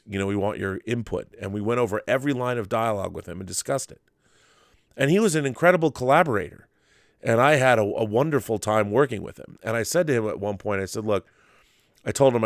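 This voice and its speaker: Animated middle-aged man, low voice. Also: dry recording, clean studio sound. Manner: animated storyteller, restarts and repeats words. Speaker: podcast host and film director. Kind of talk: casual monologue answering a viewer.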